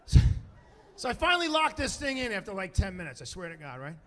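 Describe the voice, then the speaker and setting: A man in his fifties doing stand-up storytelling on stage, animated and profane, acting out other people's voices. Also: sits high, quick pace. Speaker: stand-up comedian. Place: comedy stage before an audience.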